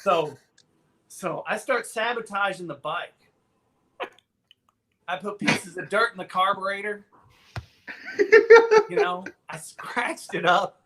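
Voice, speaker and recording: A man in his fifties hosting a podcast, telling a childhood story in an animated, profane way and slipping into voices. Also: high voice, takes it slowly, long pauses. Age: 50s. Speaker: podcast host. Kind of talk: casual storytelling.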